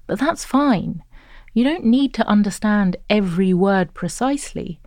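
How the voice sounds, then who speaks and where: A woman narrating an educational course in a clear, even, instructive scripted read. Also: medium pitch, a little slow, no room sound, clean studio sound.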